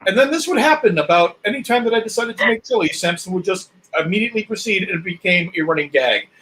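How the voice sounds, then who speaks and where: A man co-hosting a podcast, telling stories in a relaxed way. His voice is fairly high for a man. Faint background noise runs under the chat. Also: fast, low-quality recording. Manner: easygoing storyteller. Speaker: podcast co-host. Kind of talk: casual chat.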